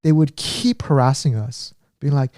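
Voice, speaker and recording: A man's voice: medium pitch, normal speed, a little mellow, dry recording, studio quality. A man in his thirties co-hosting a podcast, telling a story in casual chat and rambling with many fillers and restarts.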